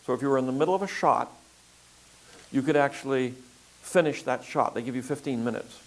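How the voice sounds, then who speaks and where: An older man filmmaker in a relaxed interview conversation, talking in a rambling way with frequent fillers and restarts. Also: mid-range voice, brisk, low-quality recording. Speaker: filmmaker guest.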